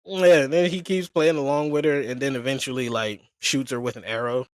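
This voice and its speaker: On a podcast, a male co-host casually retells a story, acting out the characters' lines in slang. His voice sits at medium pitch and moves a little fast, captured as a dry, clean studio recording.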